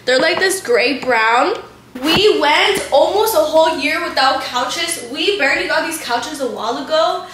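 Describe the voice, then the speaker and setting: A young woman gives a house tour to camera from her living room, chatting casually, gushing, and saying "like" constantly. Her high voice is expressive and moves at a normal pace. She's off-mic and distant in an echoey room with background noise.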